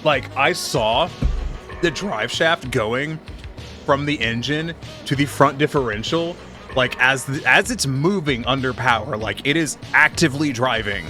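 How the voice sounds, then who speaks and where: A man's voice: mid-range voice, a little slow, pushed and bright, faint music behind. A man streaming a game, telling rambling, profane work stories in casual chat. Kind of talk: casual chat while gaming.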